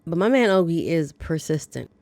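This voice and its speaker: A woman's voice: sits low, sing-song, moderate pace, creaky, darkish tone, no room sound. Chatty woman recapping a movie. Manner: chatty, playful asides and reactions. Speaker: movie review host.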